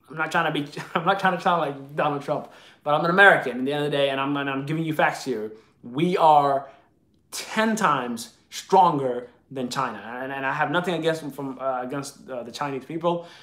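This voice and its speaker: A man's voice: a little high, normal speed, a bit bright. Opinionated man hosting a live chat, echoey room. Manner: opinionated, argumentative, answers viewer comments. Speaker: live video chat host.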